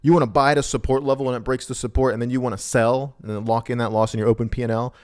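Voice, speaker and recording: A man who runs a trading video channel, talking to camera in a casual, joking, self-mocking way, with big swings between loud and quiet. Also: mid-range voice, little pitch movement, rapid-fire. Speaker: trading YouTuber. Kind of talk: casual vlog monologue.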